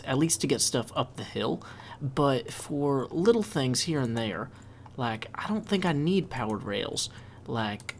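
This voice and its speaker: A man's voice: mid-range voice, slight background noise. A man hosting a video game let's play, chatting casually and thinking aloud as he builds. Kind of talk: casual gameplay commentary.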